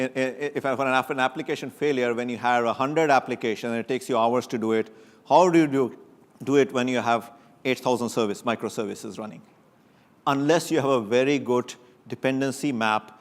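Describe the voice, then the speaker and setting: A man giving a technical conference talk to an audience, lively and joking, often rising sharply for emphasis. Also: medium pitch. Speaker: conference speaker. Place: conference stage before an audience.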